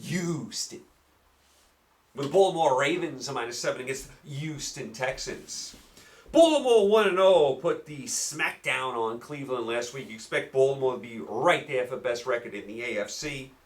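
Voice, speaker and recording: A man with a New York accent hosting a solo football picks show, rambling and animated, firing rhetorical questions at listeners. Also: mid-range voice, moderate pace. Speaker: sports betting podcast host. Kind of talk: solo sports picks talk.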